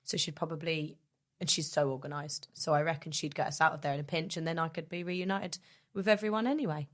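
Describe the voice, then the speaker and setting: A woman's voice: deep voice, fairly even intonation, fast. Bubbly woman podcast guest. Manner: bubbly, laughs often. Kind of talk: casual interview chat.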